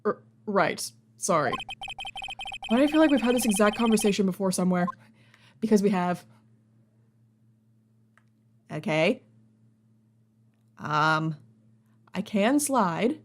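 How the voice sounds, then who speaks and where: A woman's voice: mid-range voice, expressive, slow, long pauses, slight background noise. A woman playing a video game and reading its dialogue aloud, with wry joking asides. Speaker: let's player.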